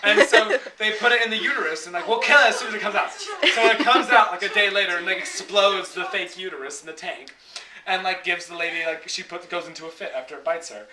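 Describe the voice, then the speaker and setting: A young man dramatically retells a film plot in an animated, comic way, giggling and saying "like" constantly. His high voice is pushed and bright and a little fast, recorded from a distance on a noisy home video in an echoey room.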